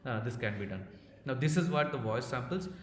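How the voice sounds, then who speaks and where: A man with an Indian accent giving a technical conference talk, halting, with many fillers and restarts. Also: medium pitch, expressive. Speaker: conference speaker. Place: conference hall. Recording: echoey hall with faint noise.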